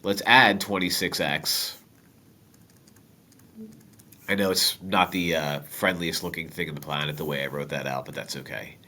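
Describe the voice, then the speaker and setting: A man's voice: rumbling low, normal speed, pauses often. A man with a nasal voice and a head cold, walking through a math lesson step by step and dropping jokes to the viewers. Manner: relaxed, joking asides to viewers. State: stuffy with a cold. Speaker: math teacher.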